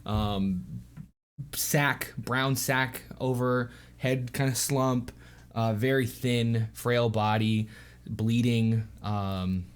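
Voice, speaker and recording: A man narrating as game master of a tabletop game, speaking haltingly with many pauses and fillers. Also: mid-range voice, fairly even intonation, smooth. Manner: halting, full of ums and uhs.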